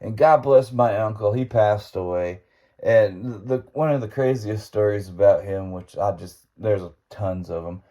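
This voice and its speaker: A man's voice: on the low side, measured pace, mellow, dull audio. A man hosting a podcast, telling a story in an impromptu monologue, rambling along and laughing as he goes. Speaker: podcast host.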